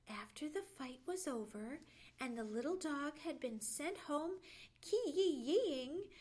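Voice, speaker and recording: A woman librarian reading a bedtime story aloud with expressive storytelling. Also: high voice. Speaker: children's librarian.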